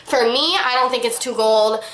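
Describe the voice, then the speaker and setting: A young woman vlogger with a slightly high voice reviews makeup in an enthusiastic, chatty way. She gushes to her viewers as she talks. The sound is a bit echoey, as if she is in a room at home. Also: moderate pace, fairly bright tone, a little hiss or hum. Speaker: beauty vlogger.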